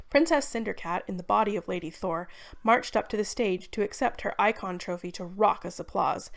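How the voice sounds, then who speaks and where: Woman reading a story aloud. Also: medium pitch. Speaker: narrator. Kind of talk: scripted story narration.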